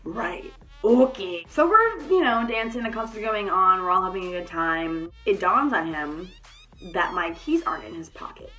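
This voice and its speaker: A young adult woman telling a story in a casual vlog, animated and swearing freely. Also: medium pitch, moderate pace, soft background music. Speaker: vlogger.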